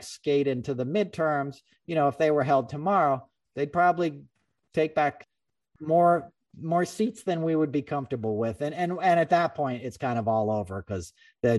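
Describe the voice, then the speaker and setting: A man hosting a podcast in casual political chat, rambling and animated, with many restarts and swearing. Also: medium pitch, far from the mic. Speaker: podcast host.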